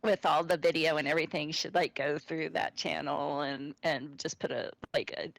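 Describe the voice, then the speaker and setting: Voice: medium pitch, steady tone, normal speed, vocal fry, fairly bright tone, no room sound, rough recording. A friend on a voice call chatting casually about old game clips. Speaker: gaming friend sharing memories. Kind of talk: casual group voice chat.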